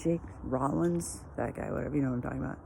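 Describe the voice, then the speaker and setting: A woman's voice: rumbling low, quick pace, gravelly, warm tone, slight background noise. A woman vlogging in a meandering, spiritual, musing way full of fillers, recorded on a phone. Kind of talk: rambling casual vlog.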